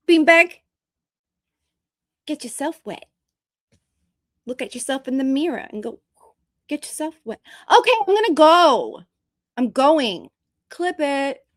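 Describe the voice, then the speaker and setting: A woman's voice: a little high, no echo, studio quality. A woman hosting a live stream, chatting casually with viewers in a rambling, joking and bluntly profane way. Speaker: streamer host.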